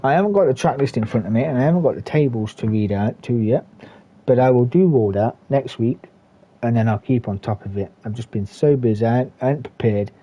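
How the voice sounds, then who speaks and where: A man commentating a sim race and hosting the league, excitable and informal, calling the results. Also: medium pitch, a little fast, slightly rough.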